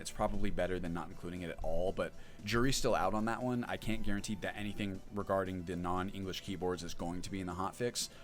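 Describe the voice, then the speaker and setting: Chatty low-voiced man streaming. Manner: chatty, thinks aloud, reads chat and answers it. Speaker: mod developer streaming. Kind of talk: casual livestream chat.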